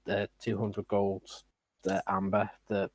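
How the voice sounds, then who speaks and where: A man playing a tabletop game who sounds hesitant, uses many fillers and rushes some phrases. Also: lowish voice, completely flat delivery, darkish tone, rough recording. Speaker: player. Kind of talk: casual tabletop play.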